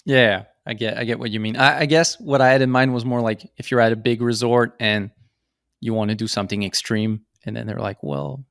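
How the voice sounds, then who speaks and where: A male podcast host chats and asks curious questions in a casual way. His voice sits mid-pitched, recorded close and dry with no room sound. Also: steady tone, a little fast, vocal fry, fairly bright tone, dry recording. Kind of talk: casual interview chat.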